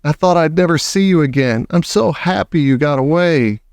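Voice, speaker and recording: A doting old grandmother from a storybook, as a man puts her on, her voice lifted and fond. She sounds protective and warm toward the child, recorded dry and close. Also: a little high, normal speed, no echo, pitched above the performer's own voice, lightly acted. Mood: earnest.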